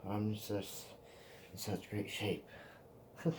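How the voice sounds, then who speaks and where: A man's voice: lowish voice, level tone, slow pace, noisy background. A man telling rambling, profane stories to the camera in a casual vlog, often laughing at himself. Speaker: vlogger.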